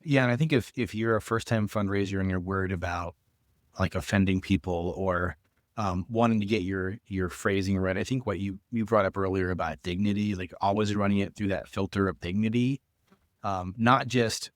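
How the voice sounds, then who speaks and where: A man with a very low, deep voice talks over a podcast in a thoughtful, hedging way, full of fillers and restarts. The sound is dry and close, with no room around it. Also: moderate pace, no echo. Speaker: fundraising coach. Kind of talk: casual podcast discussion.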